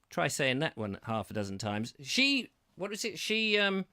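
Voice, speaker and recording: A man from England hosts a homespun comedy talk show, rambling cheerfully between viewer comments. His voice is bright and sits a little high. It swoops animatedly up and down as he tries tongue twisters. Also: lively intonation, normal speed. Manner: chatty, rambling, reads viewer comments aloud; stumbles playfully through tongue twisters. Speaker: host. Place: terraced house.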